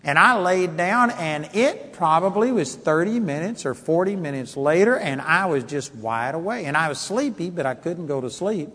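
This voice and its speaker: A man's voice: on the high side, lively intonation, normal speed, few pauses, fairly bright tone, slightly rough. A man preaching a sermon, telling his own story earnestly and reading scripture with rising emphasis. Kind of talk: sermon testimony. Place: church hall. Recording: long hall reverb.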